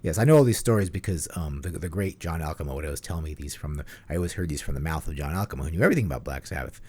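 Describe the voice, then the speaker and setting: A man's voice: rumbling low, lively intonation, very fast, darkish tone, slightly rough. A man co-hosting a casual metal podcast, joking and rambling with many fillers. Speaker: podcast co-host. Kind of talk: casual chat.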